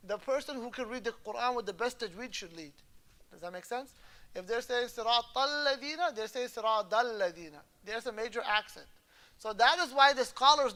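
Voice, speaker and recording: A man's voice: very high voice, sharp tone. A man teaching a class on Islamic law in a conversational lecture. He explains patiently, switches easily into Arabic terms and keeps asking whether the class is following. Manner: explains patiently, often checks the class understands; moves easily between English and Arabic terms.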